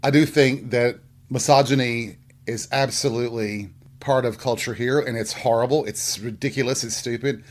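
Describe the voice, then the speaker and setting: A man's voice: mid-range voice, fairly even intonation, moderate pace, hardly any pauses. A man hosting a casual solo podcast, telling stories in a sassy, blunt, profane way. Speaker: podcast host.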